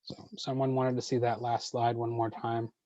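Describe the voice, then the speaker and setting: A man leading an online poetry workshop, answering questions in a measured way with frequent ums and uhs. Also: mid-range voice, level tone, dark tone, no room sound, highs cut off.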